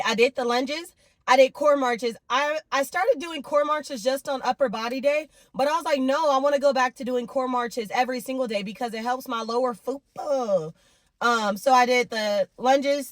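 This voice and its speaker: A woman vlogging casually to camera about her week, her voice hoarse and nearly gone, with expressive bursts of excitement. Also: fairly high pitch, dry recording. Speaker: fitness and faith vlogger. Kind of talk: casual vlog chat to camera.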